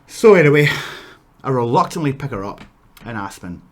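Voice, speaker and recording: A man's voice: medium pitch, very animated, normal speed. A man with a Scottish accent casually telling a wrestling story, rambling with asides and restarts.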